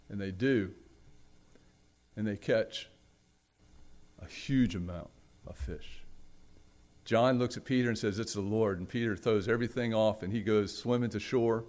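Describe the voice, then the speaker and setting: A man's voice: moderate pace, pauses often. Dramatic, storytelling male preacher. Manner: dramatic storytelling, swinging from loud and high to hushed; acts out the quoted voices in the story. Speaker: pastor. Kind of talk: sermon.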